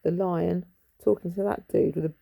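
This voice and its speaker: Gravelly sweary woman reading tarot. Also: fairly low pitch, steady tone, normal speed, mellow, rough recording. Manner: sweary, joking, talks to her dog. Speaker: tarot reader. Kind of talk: casual rambling tarot chat.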